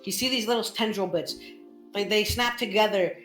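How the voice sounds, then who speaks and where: A woman's voice: mid-range voice, normal speed, a bit bright. Rambling woman game master. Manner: rambling, many fillers and restarts. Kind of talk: narrating a tabletop game. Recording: roomy with faint music.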